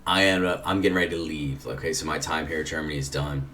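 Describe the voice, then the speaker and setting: Very deep yet fairly bright in tone, this man talks fast as he casually tells a long, rambling personal story peppered with profanity and constant filler "like"s. He's recorded from a distance, and faint background noise can be heard.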